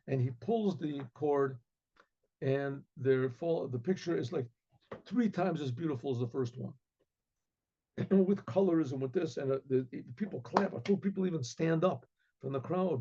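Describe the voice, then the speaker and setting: A rabbi tells a story in a sermon with vivid, animated delivery and frequent restarts. His voice is gravelly and fairly high for a man. The recording sounds dull and lo-fi. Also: moderate pace.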